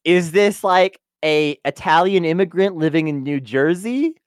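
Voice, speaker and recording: A man's voice: a little high, unhurried, smooth, no room sound, clean studio sound. A man co-hosting a casual review podcast, laughing often and stumbling over his words. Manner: laughs a lot, stammers, playful mock voices. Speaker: podcast co-host.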